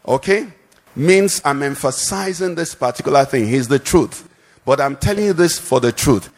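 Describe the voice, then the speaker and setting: A man preaching a sermon, often pausing with questions for the congregation to answer. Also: a little high, expressive. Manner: call-and-response questions to the congregation. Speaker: pastor.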